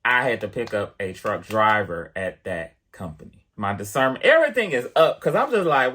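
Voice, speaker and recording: A man vlogging, chatty and animated as he tells a personal story to the camera, full of casual fillers. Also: medium pitch, normal speed, few pauses. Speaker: vlogger and piano teacher.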